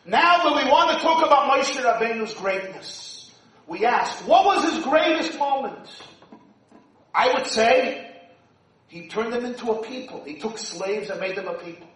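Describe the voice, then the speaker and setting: Brief: man, fiery sermon, quiet to shouting, very roomy hall sound. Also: extremely high pitch, lively intonation, unhurried. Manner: dramatic swings from hushed to shouting. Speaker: rabbi giving a speech. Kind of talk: impassioned sermon. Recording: echoey hall, distant mic.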